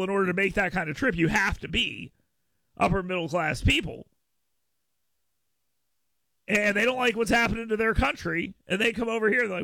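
A man's voice: high voice, moderate pace, gravelly, pauses often, pushed and bright, no room sound. An American man hosting a talk radio show, giving his opinions in a monologue. He stammers and restarts often, doubling the first words of his sentences. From United States.

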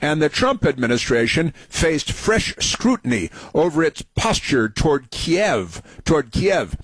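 A man's voice: a little high, sing-song, a little slow, slightly rough, no room sound. A man hosting a political talk radio show, sarcastic and mocking, with many hesitant fillers.

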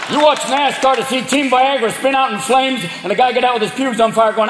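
A male stand-up comedian performs with an animated, profane delivery and a high, lively voice. The sound is reverberant, with a loud crowd and room noise behind him. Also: fairly quick, few pauses. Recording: echoey hall with loud crowd.

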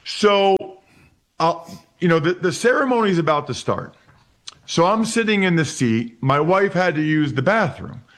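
A man in his forties from Pennsylvania, a guest telling stories in a casual chat. He talks in an animated way and often repeats words as he starts sentences. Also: a little high, moderate pace. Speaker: interview guest. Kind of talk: casual storytelling.

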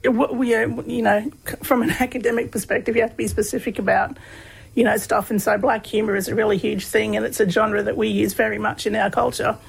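A woman's voice: on the high side, steady tone, a little fast, gravelly, breathy edge, low-quality recording. An Australian woman telling a personal story as an interview guest, chatty and laughing often as she talks. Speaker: guest, PhD researcher on humour.

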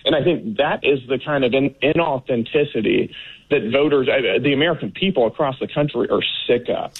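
A man's voice: medium pitch, fairly quick, slightly rough. A man from Texas, a guest in a political interview, talking in an emphatic, dismissive way with many fillers. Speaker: guest, congressman. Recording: phone-like remote line.

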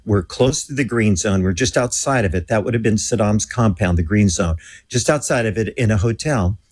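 A man with a husky, slightly low voice, speaking as a guest in an interview. He tells his story with energy and slips into the voices of the people he quotes. The telling is animated, with a lot of life in it.

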